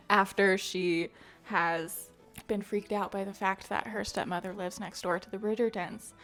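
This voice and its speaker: A woman's voice: medium pitch, steady tone, moderate pace. A woman host giving a chatty, casual recap of a novel, sprinkling in fillers and laughs. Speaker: book channel host. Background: faint music.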